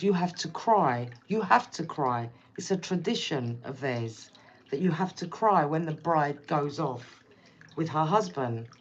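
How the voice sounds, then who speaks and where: Woman, tarot reader, low voice, blunt and repetitive, dull lo-fi recording. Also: darkish tone, slight background noise. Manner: blunt, repetitive, direct address. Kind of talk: casual tarot reading to camera.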